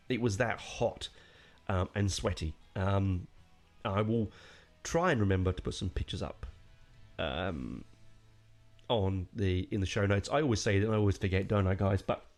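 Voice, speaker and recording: A man with a fairly low voice chats casually through an album review, excited and digressive, full of fillers and the odd swear word. Faint music plays underneath his voice. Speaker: podcast host reviewing a metal album.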